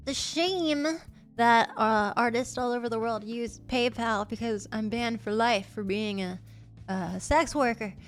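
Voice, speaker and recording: A woman streaming casually, bubbly and excitable, gasping and chatting to her viewers. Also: fairly high pitch, measured pace, faint music behind. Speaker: livestreamer. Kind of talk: casual livestream chat.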